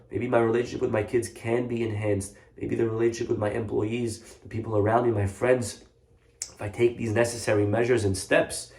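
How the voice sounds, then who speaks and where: A man giving a Torah class as a rabbi, earnest and animated, telling stories with acted voices. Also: mid-range voice, roomy sound.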